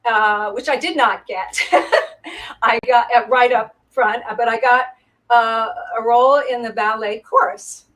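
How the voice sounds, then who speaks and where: A woman's voice: fairly high pitch, steady tone, unhurried, fairly bright tone, poor audio. A woman, a former Broadway performer, telling stage anecdotes over a video call and laughing often. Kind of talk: casual storytelling interview.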